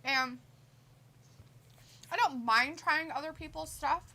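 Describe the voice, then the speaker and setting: A woman's voice: high-pitched, takes it slowly, bright, forceful tone. A woman co-hosting a live stream who laughs easily and reads viewer comments aloud in casual chat. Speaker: co-host reading the live chat.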